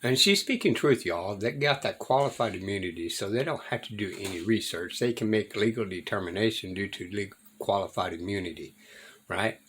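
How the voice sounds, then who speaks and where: A man's voice: on the low side, expressive, brisk, fairly bright tone, slight background noise. A man commenting on a video, speaking in a preachy way and addressing his viewers directly.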